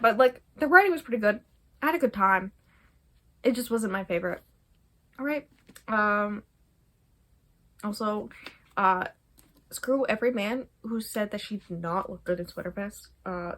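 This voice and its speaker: A young adult woman, a book vlogger, rambling casually through a book review with many fillers. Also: medium pitch. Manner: rambling, chatty, many fillers, laughs often.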